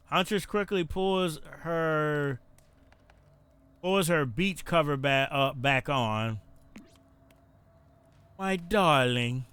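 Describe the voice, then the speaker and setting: A man's voice: a little high, fairly bright tone, clean tone, dry recording. A man streaming a dating game, reading its text aloud with playful joking asides.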